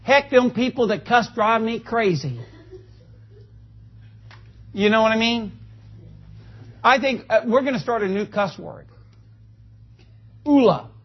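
Folksy high-voiced preacher. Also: male voice, unhurried, pauses often, muffled recording. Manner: folksy, joking, calls for amens. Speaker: pastor. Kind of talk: sermon. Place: church.

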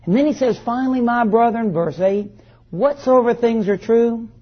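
High-voiced husky man preaching a sermon. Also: normal speed, lo-fi sound. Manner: preaching with call-and-response questions to the congregation. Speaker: pastor. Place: church service.

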